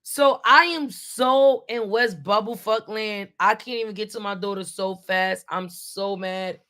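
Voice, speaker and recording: Animated woman telling a story. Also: mid-range voice, measured pace. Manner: animated, quotes people in voices, streetwise slang. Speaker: parent, vlogger. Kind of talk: casual storytelling while helping with homework.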